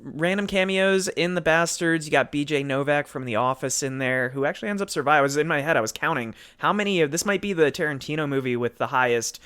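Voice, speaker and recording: A man's voice: on the high side, quick pace, hardly any pauses, fairly bright tone, clean tone. A man co-hosting a podcast, chatting casually about a film, laughing often and recapping details. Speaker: podcast co-host. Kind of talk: casual chat.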